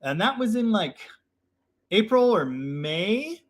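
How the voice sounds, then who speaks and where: A man's voice: sits high, big pitch swings, takes it slowly. A young man hosting a casual live chat, reading viewer comments and rambling in a self-deprecating way with lots of fillers.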